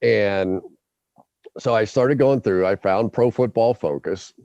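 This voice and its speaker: Animated deep-voiced man telling a story. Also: slow pace, no echo, muffled recording. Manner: lively storyteller who acts out his own quotes. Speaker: podcast host.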